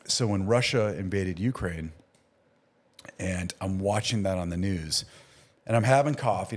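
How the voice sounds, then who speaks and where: A man with a fairly low voice tells a story as a guest on a podcast. He talks like an emergency doctor reliving his experiences, animated and acting out the dialogue. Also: normal speed. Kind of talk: casual storytelling interview.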